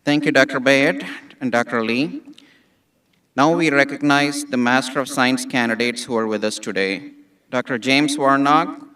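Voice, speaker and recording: Man, associate dean, reads names at an outdoor ceremony, slow and measured, heard through a distant microphone. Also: mid-range voice, fairly bright tone. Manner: measured, reads names slowly with small restarts. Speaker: associate dean announcing graduates. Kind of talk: ceremony name reading.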